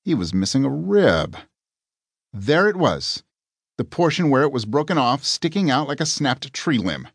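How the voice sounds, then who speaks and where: A man's voice: medium pitch, sing-song, a little slow, breathy edge, dry recording. A man narrating a comic audiobook with a dry, wry delivery.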